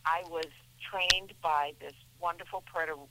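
A woman's voice: lowish voice, fairly even intonation, measured pace, very noisy. A middle-aged woman, an actress guest in a radio interview, talking in a chatty, rambling way with many restarts.

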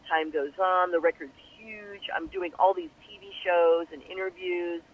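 A woman's voice: fairly low pitch, normal speed. Older woman telling stories over the phone. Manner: animated, acts out quoted voices. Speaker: guest singer. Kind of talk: storytelling interview. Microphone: telephone. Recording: tinny phone line.

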